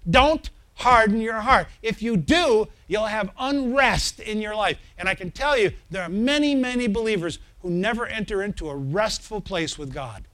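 A man's voice: sits high, expressive, normal speed, few pauses, a bit bright. A man preaching a sermon as pastor, building to emphatic swells and checking in with the congregation through questions.

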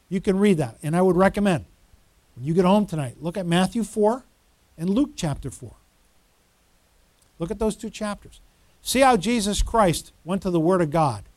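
Fervent high-voiced male pastor preaching. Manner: fervent preaching, swings from low urging to loud exhortation. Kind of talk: sermon.

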